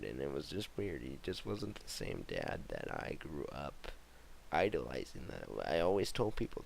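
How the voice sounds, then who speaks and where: A young man telling his life story in a vlog, halting and emotional with many fillers and restarts. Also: rumbling low, creaky, slight background noise, rough recording. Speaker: vlogger telling his memoir. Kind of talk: personal memoir vlog.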